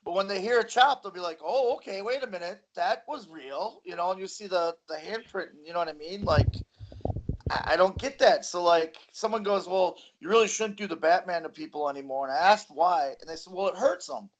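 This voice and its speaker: High-voiced wrestler swapping stories. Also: male voice, brisk. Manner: laughs through his stories. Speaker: guest, professional wrestler. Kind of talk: casual podcast storytelling.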